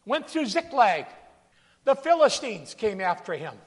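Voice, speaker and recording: Very animated and high-sitting, the pastor's voice keeps a measured pace as he acts out scripture and calls out to the congregation. The sermon rings with the long echo of a large church hall.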